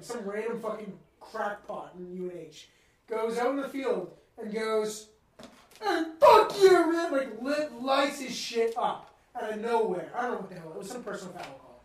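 Casting note: male podcast co-host, animated and profane storyteller, heard from off mic in a very echoey room. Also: sits high, moderate pace, distant mic. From Massachusetts. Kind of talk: casual chat. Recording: roomy sound from off mic.

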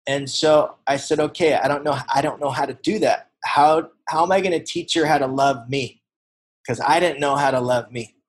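A man in his forties giving a personal recovery testimony, telling a family story earnestly, growing hushed at the tender parts. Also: fairly high pitch, moderate pace, poor audio. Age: 40s. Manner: earnest, storytelling, shifts to hushed when emotional. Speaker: recovery speaker.

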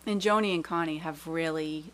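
A woman's voice: deep voice, normal speed, a bit bright. A woman guest in a casual interview, a paranormal researcher who explains things in a friendly way with small hesitations.

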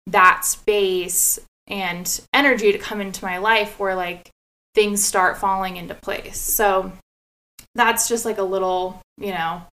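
Female podcast co-host, bright voice, thoughtful and casual, filler-heavy speech. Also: medium pitch, fairly even intonation, slow, low-quality recording. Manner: reflective, heavy use of "like". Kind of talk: casual chat.

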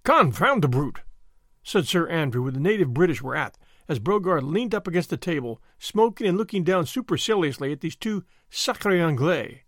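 Expressive male audiobook narrator. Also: on the high side, brisk, few pauses, dry recording, clean studio sound. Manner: expressive storytelling. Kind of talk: scripted narration.

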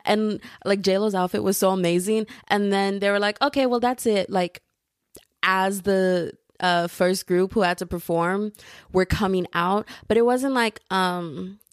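A woman's voice: medium pitch, steady tone, measured pace, clean tone, dry recording, clean studio sound. A young woman hosting her own podcast, rambling in casual chat and laughing often. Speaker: podcast host.

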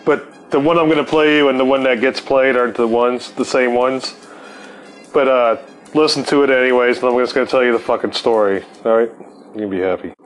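A man's voice: mid-range voice, steady tone, brisk, faint music behind. A man in his forties telling rambling, profane stories in a laid-back stoner way as the host of his show. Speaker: podcast host. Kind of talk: casual storytelling.

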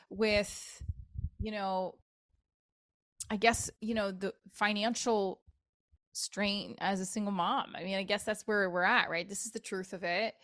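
A woman's voice: medium pitch, a bit bright. A woman of forty hosting her own podcast, talking casually and candidly, swearing freely and jumping from one topic to the next. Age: 40s. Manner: candid, profane, jumps between topics. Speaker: podcast host. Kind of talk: casual solo podcast chat.

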